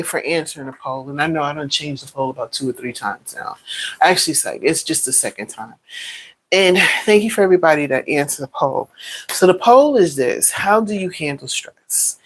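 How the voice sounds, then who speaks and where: A middle-aged woman, telling a story in a casual chat while cooking, with animated exclamations. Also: sits low, poor audio. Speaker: vlogger.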